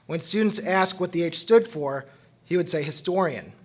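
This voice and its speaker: A man presenting an award with a prepared, heartfelt tribute speech, read in a measured way. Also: fairly high pitch, expressive.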